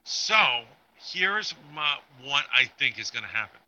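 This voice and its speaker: A man's voice: mid-range voice, very animated, unhurried, bright, forceful tone, rough recording. A man co-hosting a casual pop-culture podcast, talking in a chatty, rambling way about rumors. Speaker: podcast co-host.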